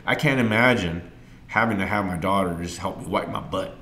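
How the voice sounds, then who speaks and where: A middle-aged man hosting a podcast, telling a candid personal story earnestly and with emotion, getting loud and animated as he tells it. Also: sits low, moderate pace, slight background noise. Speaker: podcast host.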